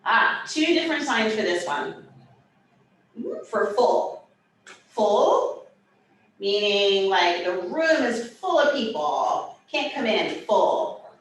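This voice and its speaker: A woman teaching a sign language class, explaining each sign slowly with playful asides. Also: mid-range voice. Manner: slow, animated, playful explanations. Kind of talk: teaching a hybrid class, demonstrating signs. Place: classroom, in person and over video call. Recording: roomy echo, far from the mic, faint room noise.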